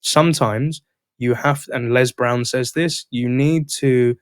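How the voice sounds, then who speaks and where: Male podcast host, mid-pitched, dry close sound, animated storyteller who acts out dialogue. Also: takes it slowly, clear, resonant tone, no room sound. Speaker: podcast host and sales coach. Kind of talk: casual storytelling conversation.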